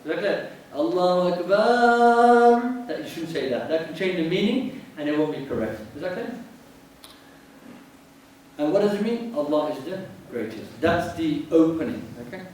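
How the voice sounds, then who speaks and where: A man teaches a prayer class in a mosque, drilling pronunciation and often asking the class if it is clear. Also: a little high, lively intonation, normal speed, a little mellow, a little hiss or hum. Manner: drills pronunciation, asks the class to check understanding. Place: mosque hall. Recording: echoey hall, mic at a distance.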